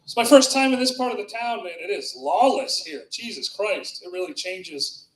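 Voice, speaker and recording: A man's voice: high-pitched, animated, moderate pace. Rambling male stand-up in echoey club. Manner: loose, rambling, laughs at own jokes. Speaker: stand-up comedian. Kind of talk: stand-up set with crowd work. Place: small club with live audience.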